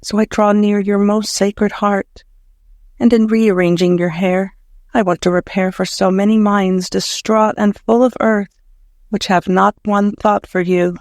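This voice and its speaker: High-voiced man reading devotional prose. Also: flat delivery, a little slow, dry recording, clean studio sound. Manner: fervent, prayerful, emotional. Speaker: audiobook narrator.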